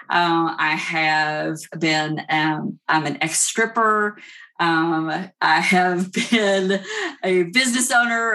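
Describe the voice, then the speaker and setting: A woman's voice: on the low side, bright, forceful tone. A woman with a Kentucky accent, chatting as a podcast guest, rambling and laughing often. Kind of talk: casual interview chat.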